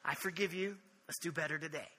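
A man voicing God as a gentle, loving figure, speaking softly in slow, repeated phrases. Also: a little high, slightly rough, voice pushed down. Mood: tender.

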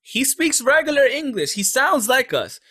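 A man co-hosting a casual wrestling chat, talking in an emphatic, animated way and swearing freely. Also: extremely high pitch, moderate pace, breathy edge.

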